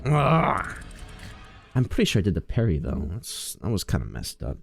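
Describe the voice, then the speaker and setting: A man streaming a video game, chatting casually with viewers, swinging between low mumbles and sudden loud, sweary outbursts. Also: huge pitch swings, moderate pace, creaky, soft background music. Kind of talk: casual live gaming commentary.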